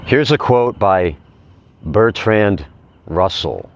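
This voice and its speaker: A man reading inspirational quotes aloud and commenting on them casually, repeating key phrases slowly for emphasis. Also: fairly low pitch, animated, muffled recording, slight background noise. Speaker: vlogger.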